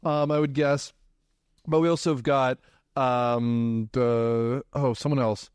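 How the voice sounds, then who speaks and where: A man's voice: medium pitch, fairly even intonation, slow, darkish tone, smooth, dry recording. Rambling man with a dry, close sound. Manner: rambling, hesitant, often laughing. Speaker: podcast host. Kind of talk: casual movie podcast chat.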